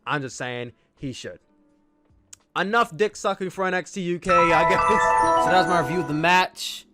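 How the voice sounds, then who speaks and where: Excitable man hosting a wrestling podcast. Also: high-pitched, moderate pace, over loud music. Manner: enthusiastic, rambling with restarts. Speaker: podcast host. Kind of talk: casual wrestling review.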